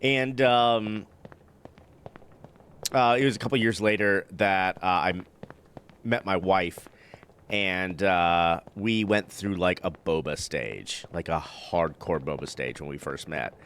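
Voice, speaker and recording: A man's voice: low-pitched, slow, a bit bright, clean tone. A young man rambling through casual stories while streaming a game, laughing often, with many fillers. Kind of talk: casual let's-play chat.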